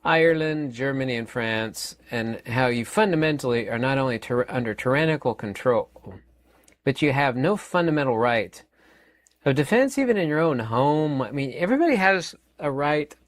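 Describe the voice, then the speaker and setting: A man in his fifties holds forth in a rambling opinion monologue, stumbling over repeated words and fillers as he presses his points. His voice sits at an ordinary middle pitch. The sound is dry and close, with no room around it. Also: expressive, normal speed, dry recording. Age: 50s. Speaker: channel host.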